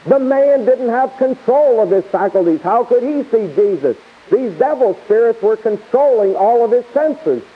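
High husky-voiced male Bible teacher. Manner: emphatic and repetitive, chuckling asides. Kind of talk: sermon-style Bible teaching. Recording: tinny lo-fi phone-like tape.

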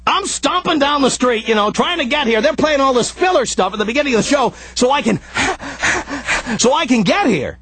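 A man hosting a talk radio show, telling an angry story and ranting, often raising his voice to a shout. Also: very high voice, normal speed, breathy edge, no echo. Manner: animated, frequently shouting in anger. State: out of breath. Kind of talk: ranting monologue.

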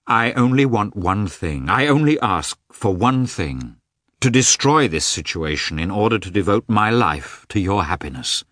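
A man's voice: fairly low pitch, big pitch swings, a little slow, a bit bright, no echo, studio quality, voice pushed up. A man reading the part of an earnest young officer who pleads and entreats, in an audiobook. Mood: pleading.

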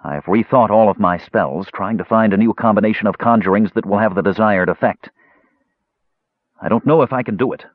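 A man's voice: on the low side, fairly quick, no echo, narrow, tinny audio, natural voice. A man voicing an earnest, defiant male mage who speaks in an impassioned, pleading way.

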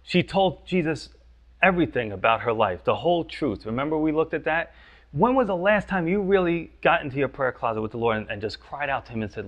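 A man's voice: fairly high pitch, expressive, fairly quick, muffled recording. A man preaching a conversational sermon as pastor, often asking the listeners questions. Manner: conversational, frequent "you know" and "right?".

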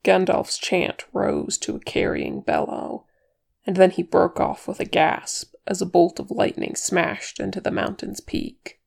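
A woman narrating a chapter of fan fiction as an audiobook reader, measured and expressive. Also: medium pitch, gravelly, breathy edge.

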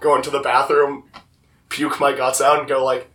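A young man with a slightly hoarse voice, telling stories casually on a podcast with lots of "like". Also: medium pitch, a little slow, sharp tone. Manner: rambling, lots of "like". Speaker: podcast co-host. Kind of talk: casual storytelling chat. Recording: voice distant from the mic.

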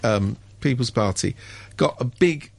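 A man chatting on a radio show, wry and sardonic, mimicking people in sudden high voices. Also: expressive, unhurried, vocal fry. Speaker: radio commentator. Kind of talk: casual radio chat.

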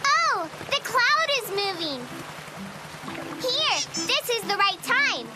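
A woman's voice: very high-pitched, slow, heavily acted. A woman voicing a cheerful, curious little girl in a cartoon, with music behind her. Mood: wondering. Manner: bubbly, wondering, excitable.

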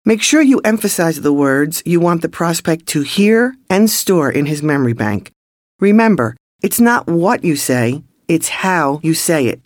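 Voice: medium pitch, big pitch swings, a little slow, no echo, studio quality. A sales trainer giving coaching tips in an emphatic, scripted voice-over.

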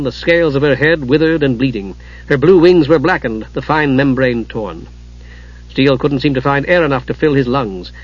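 A man narrating a fantasy audiobook in a steady, dramatic storytelling manner. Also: medium pitch, husky. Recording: dull lo-fi audiobook recording.

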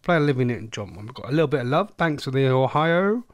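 A man's voice: medium pitch, lively intonation, fast talker, no room sound, studio quality. Chatty English man hosting a radio show. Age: adult, a former smoker. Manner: chatty, rambling, self-interrupting. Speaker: host of an online radio phone-in. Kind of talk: casual solo radio chat.

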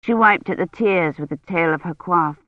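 A woman's voice: fairly low pitch, no echo. Woman narrating an audiobook, dull lo-fi sound. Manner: measured, even storytelling. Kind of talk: scripted narration. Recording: dull, lo-fi, dry.

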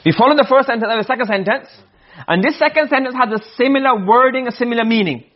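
A man with a very high-pitched voice lectures quickly on Arabic rhetoric, reading Arabic phrases and then explaining them in English. He keeps checking in with the class ("okay?", "you understand?"), and the classroom recording sounds dull and lo-fi.

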